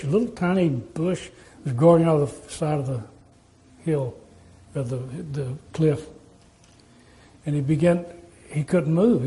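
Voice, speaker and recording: A male pastor delivers a sermon in a high, warm voice. He talks in a relaxed, conversational way, leaning on rhetorical questions and homespun stories to reach his listeners. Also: poor audio.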